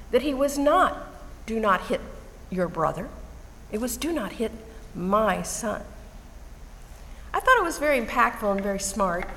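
An older woman giving an earnest Mother's Day message, telling family stories in a measured way. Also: on the high side. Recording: reverberant hall with faint noise.

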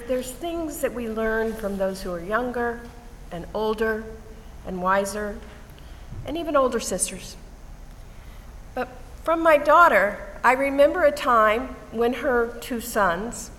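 Older woman, earnest storyteller, fairly high voice, echoing hall, faint background hiss. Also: fairly bright tone. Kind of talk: Mother's Day message with personal stories. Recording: reverberant hall with faint noise.

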